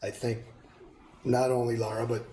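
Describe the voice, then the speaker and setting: A man's voice: mid-range voice, flat delivery, normal speed, mellow, a little hiss or hum. A man on a school board offering thanks and recounting funding history in a rambling, informal way. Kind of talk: meeting remarks. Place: school board meeting room. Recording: echoey meeting room.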